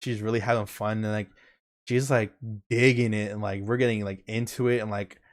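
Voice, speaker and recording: A young man hosting a casual chat stream, telling a story in relaxed, slangy talk. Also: fairly low pitch, brisk. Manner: laid-back storytelling with slang. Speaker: streamer host.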